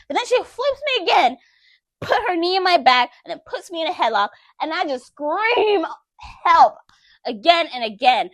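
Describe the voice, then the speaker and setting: A woman with a fairly high voice recounts a personal story straight to the camera. She talks candidly and conversationally, speaking directly to her viewers. The recording is close and dry, with almost no room sound. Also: fairly bright tone, dry recording. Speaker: vlogger.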